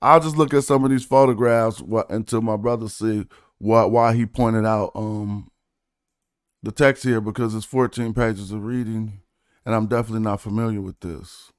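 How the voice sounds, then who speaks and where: A man's voice: on the low side, steady tone, normal speed, clean tone, no room sound, clean studio sound. A man streaming casually, chatting. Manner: laid-back slang, breaks down rhymes syllable by syllable. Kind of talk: casual livestream chat about rap and study.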